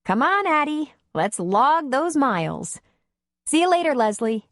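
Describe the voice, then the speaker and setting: Woman reading a bright, raised-voice young mom, chatty, storybook neighbor. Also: high voice, sing-song, a little slow, no room sound, clean studio sound, voice pushed up. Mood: teasing. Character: young single mother, friendly neighbor.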